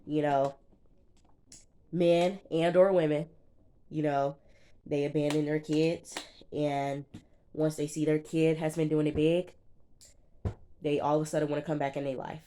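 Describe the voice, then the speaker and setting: Low-voiced woman recapping reality TV. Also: level tone, a little slow, long pauses, warm tone, a little hiss or hum. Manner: sassy and chatty, talking straight to the viewer. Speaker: TV reviewer. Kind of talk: casual reality-show recap.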